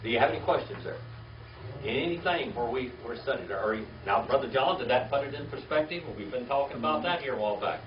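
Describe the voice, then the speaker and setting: A man's voice: mid-range voice, lively intonation, fast talker. A man teaching a Bible lesson to a small class, asking questions, repeating key words and checking in with "all right?" after each point. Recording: distant, echoey, dull room recording with faint hiss.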